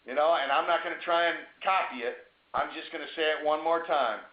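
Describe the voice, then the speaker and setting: Emphatic man giving a motivational webinar talk. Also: fairly high pitch. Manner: emphatic, slowing down to stress key phrases; conversational, with asides and checks like "right?". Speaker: webinar speaker. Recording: roomy, dull lo-fi webinar audio.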